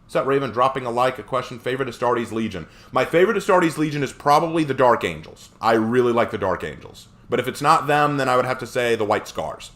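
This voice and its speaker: A man's voice: medium pitch, fast talker, hardly any pauses. A man live streaming who chats casually with viewers, reads their comments aloud and jokes around. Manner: animated, joking.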